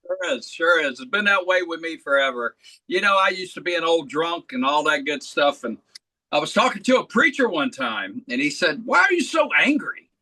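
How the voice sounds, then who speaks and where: A man with a bright, forward voice swings his pitch widely as he spins loose stories. He answers as a rock singer being interviewed, relaxed but lively. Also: moderate pace, low-quality recording. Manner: easygoing, animated storyteller. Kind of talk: conversational storytelling.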